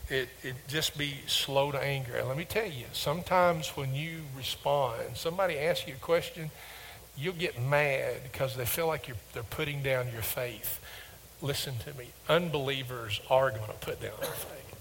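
A man's voice: moderate pace, gravelly, slight background noise, rough recording. A man preaching a sermon to a congregation, calling for the room to repeat verses back to him. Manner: call-and-response, gets louder and higher reading verses.

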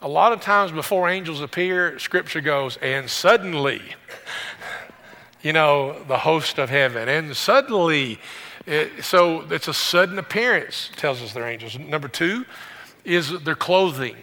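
A male pastor delivers a sermon in a bright, forceful voice, pitched a little above the usual for a man. He keeps it conversational, tossing joking asides to the congregation. The sound carries a long reverb from a big church room. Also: lively intonation, unhurried.

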